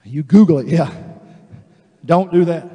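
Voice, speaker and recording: A male pastor preaching a sermon, animated and emphatic, acting out voices of the people he describes. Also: on the high side, unhurried, husky, big-room sound. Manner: animated, acts out quoted voices, builds to emphatic declarations.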